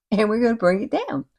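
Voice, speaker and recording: A woman, chatting warmly and encouragingly through a makeup tutorial at home. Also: fairly high pitch, creaky. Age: 60s. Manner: chatty and encouraging, often says y'all and girl. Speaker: beauty vlogger. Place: home at night with cicadas outside.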